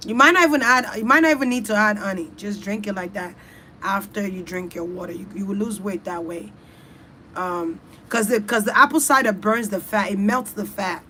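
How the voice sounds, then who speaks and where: A woman's voice: medium pitch, fairly quick, sharp tone, slight background noise. A woman hosting a casual, rambling chat, talking loosely and with plenty of swearing straight to her viewers. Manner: loose, profane, chatty, talks straight to her audience. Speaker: online reader and host.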